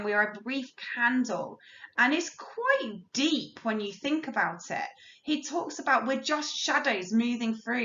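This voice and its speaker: A woman's voice: a little high, a bit bright. A woman teacher explaining a play in a recorded lesson, reading quotations aloud and talking through their meaning in plain, explanatory language. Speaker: English teacher. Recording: roomy, dull lo-fi sound.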